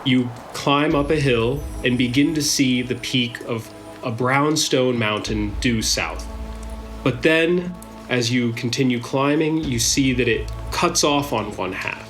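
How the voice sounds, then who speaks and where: A man running a tabletop game as game master, trading crude jokes with the players and then narrating the scene in a steady, descriptive way. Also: medium pitch, measured pace, faint music behind.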